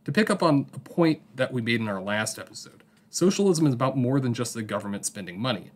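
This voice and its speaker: Male podcast host, mid-pitched, steady explanatory reading with asides. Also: fast talker, hardly any pauses. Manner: explanatory, with asides and book recommendations. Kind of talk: read political history segment.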